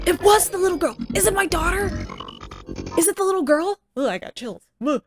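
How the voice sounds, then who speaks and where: A woman's voice: very high voice, sing-song, fairly quick. A young woman streaming a horror game, jumpy and talking to the game as she plays, often exclaiming and swearing at it. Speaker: gaming streamer. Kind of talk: horror game let's play commentary. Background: game music.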